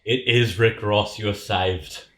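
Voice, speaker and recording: A man's voice: lowish voice, steady tone, a little slow, fairly bright tone, echoey room, slight background noise. A man co-hosting a podcast, running a quiz in casual banter, swearing freely and laughing often. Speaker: podcast co-host.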